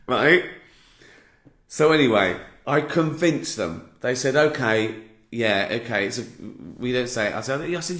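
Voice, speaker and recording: A man's voice: mid-range voice, lively intonation, normal speed, a bit bright. A man in his fifties with an English accent, telling a sardonic story on a casual livestream and swearing freely. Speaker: comedian hosting a livestream. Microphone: phone or laptop mic. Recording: roomy home livestream audio.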